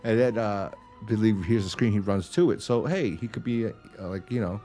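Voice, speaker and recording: Man, podcast co-host, casual recap, rambling, profane, lowish voice. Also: normal speed, dark tone, soft background music. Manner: rambling, profane, quotes characters in raised voices. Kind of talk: casual chat.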